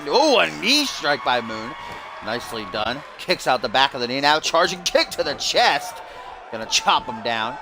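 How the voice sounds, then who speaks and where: A young man doing mock play-by-play commentary over a wrestling video game, bursting into shouts at big moves. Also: mid-range voice. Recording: loud game crowd and noise behind. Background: loud arena crowd and game sounds.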